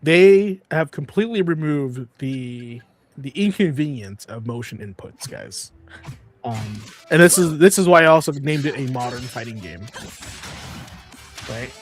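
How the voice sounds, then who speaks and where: Lively casual gaming co-host, a man. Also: mid-range voice, a little slow, faint music behind. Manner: laid-back, laughs often, says "bro" and "dude". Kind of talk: casual gameplay chat.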